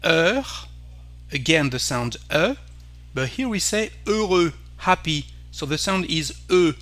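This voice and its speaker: A man with a French accent teaching pronunciation, saying each word slowly and carefully and repeating it for the learner. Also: on the high side, expressive, fairly bright tone. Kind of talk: pronunciation lesson.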